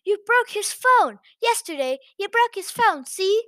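A woman voicing a bullying middle-aged female camp chaperone who shouts scornful accusations at a student. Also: very high voice, expressive, a little slow, no room sound, voice pushed up, full character voice. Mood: shrill, accusing.

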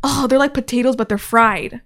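A woman's voice: fairly high pitch, fairly quick, fairly bright tone. A young woman co-hosting a casual podcast, playful and enthusiastic. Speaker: podcast co-host. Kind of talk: casual chat.

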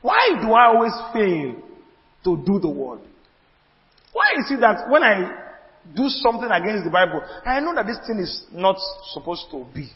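A man's voice: high-pitched, huge pitch swings, moderate pace. A man preaching a sermon as pastor, repeating phrases and building emphasis. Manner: preaching with rising emphasis and repetition. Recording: dull audio in a reverberant hall.

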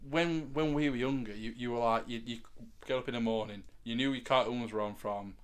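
A man's voice: medium pitch, steady tone, brisk, clear, resonant tone. A man who co-hosts a podcast. He chats in a laid-back way and swears while reminiscing. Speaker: podcast co-host. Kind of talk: casual chat.

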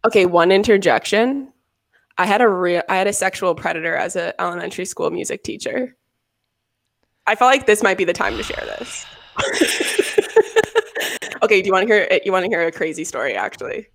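A woman's voice: medium pitch, animated, brisk, gravelly, long pauses, a bit bright. A woman in her twenties co-hosting a podcast, telling a long story in a rambling, casual way full of fillers. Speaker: podcast co-host. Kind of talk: casual chat.

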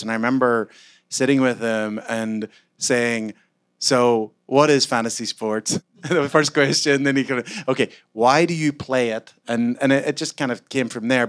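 A man from Scotland, a startup founder, answering onstage interview questions in a rambling, animated way full of fillers and self-mocking asides. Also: mid-range voice. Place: event room with a live audience.

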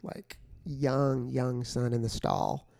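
A man's voice: medium pitch, fairly even intonation, slow pace, gravelly, darkish tone, dry recording, studio quality. A man co-hosting a casual, faith-based podcast chat, earnest and easygoing, with filler words. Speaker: podcast co-host.

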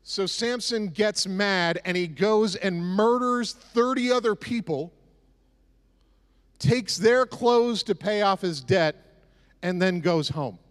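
A man's voice: high voice, takes it slowly. A man preaching a casual, conversational sermon with sarcastic, joking asides. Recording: echoey hall reverb.

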